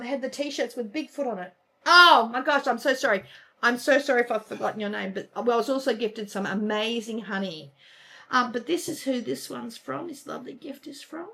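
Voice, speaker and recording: A woman's voice: high voice, pushed and bright. A woman co-hosting a casual crafting chat, gushing and chatty, often trailing off mid-sentence. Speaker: co-host of a cross-stitch channel.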